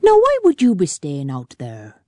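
A woman's voice: on the low side, wildly swooping pitch, normal speed, a little mellow, no echo, studio quality. A woman voicing a teasing Irish male passenger with a mocking, sing-song manner.

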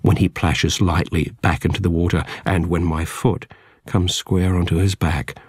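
A man reading first-person narration from a book in a measured, quiet, unhurried way. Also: sits low, fairly even intonation, husky, no echo, studio quality. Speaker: audiobook narrator.

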